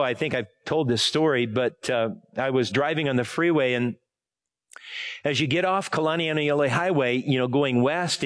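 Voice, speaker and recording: A middle-aged male pastor preaching casually, rambling through a personal story, correcting himself and asking his listeners for help. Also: mid-range voice. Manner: rambling, self-correcting, asks the audience for help. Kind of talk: conversational sermon with a personal story.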